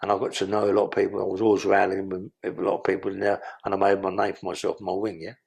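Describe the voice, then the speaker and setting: Man, rambling storytelling, heavy swearing, husky voice, gravelly edge. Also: low-pitched, completely flat delivery, fast talker, a little mellow. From London. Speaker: podcast guest. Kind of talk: casual storytelling.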